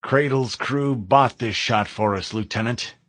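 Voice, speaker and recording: A man's voice: mid-range voice, a little slow, fairly bright tone, no room sound. A man voicing a male starship captain in an audiobook, growling clipped orders on the bridge. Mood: grim command. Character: gruff male starship captain, tense and angry.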